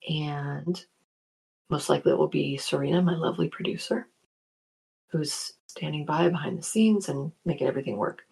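Woman host w a low gravelly kinda husky voice, chatty live show, says hi to listeners by name. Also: normal speed, darkish tone. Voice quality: gravelly morning voice. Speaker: radio show host and spiritual psychology practitioner. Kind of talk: casual live-show chat reading listener comments.

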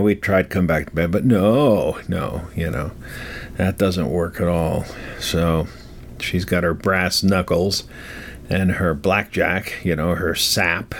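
A man's voice: low-pitched, creaky, slight background noise. A man chatting casually to his viewers as a vlogger, self-mocking and rambling, chuckling often. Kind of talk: casual chat to camera.

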